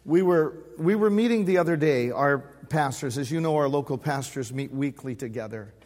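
Older man, sixties, higher voice, folksy joking pastor preaching in a reverberant hall. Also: moderate pace, a little mellow, soft background music. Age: 60s. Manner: folksy, humorous storytelling with call-and-response. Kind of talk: sermon. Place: church sanctuary.

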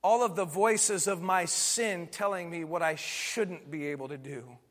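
High-voiced man preaching in a hall. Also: a little slow, fairly bright tone. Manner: preaching with swelling intensity, emphatic repetition. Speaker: pastor. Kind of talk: sermon.

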